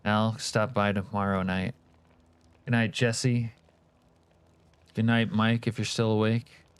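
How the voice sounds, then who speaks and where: Foul-mouthed male streamer, smooth and low. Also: level tone, slow. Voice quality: profane, joking banter. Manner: reads and answers live chat. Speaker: livestream host. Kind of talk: casual chat with viewers.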